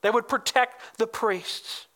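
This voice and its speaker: Preacher with a bright, clear tone; emphatic sermon delivery that explains and reads scripture. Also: medium pitch, steady tone, slow pace. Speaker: pastor.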